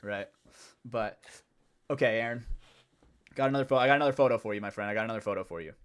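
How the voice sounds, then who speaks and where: A man's voice: lowish voice, fast, clean tone. A young adult man co-hosting a podcast, talking in a profane, emphatic, rambling way. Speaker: podcast co-host. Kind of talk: casual podcast chat.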